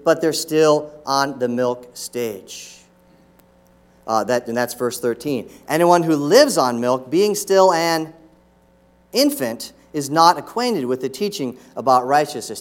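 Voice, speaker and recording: Casting: middle-aged male pastor, conversational preacher, slightly raised pitch, asks the pews lots of questions. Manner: acts out scolding voices to make a point. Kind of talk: sermon. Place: church sanctuary.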